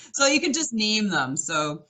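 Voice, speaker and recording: A woman hosting a podcast, asking questions in a chatty, halting way with fillers. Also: medium pitch, bright, forceful tone. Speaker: podcast host. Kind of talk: casual podcast interview.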